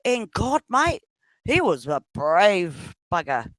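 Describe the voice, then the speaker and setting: A woman's voice: mid-range voice, very animated, slow, a bit bright, no echo. A woman with a New Zealand accent rambling through a casual voice chat. She swears freely and laughs often, her voice swooping up and down as she unhurriedly drifts from story to story. The sound is close and dry.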